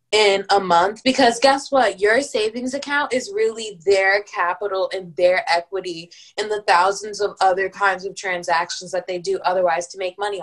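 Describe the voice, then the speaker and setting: Teasing, ranting young woman. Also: medium pitch. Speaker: podcast co-host. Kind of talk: casual chat.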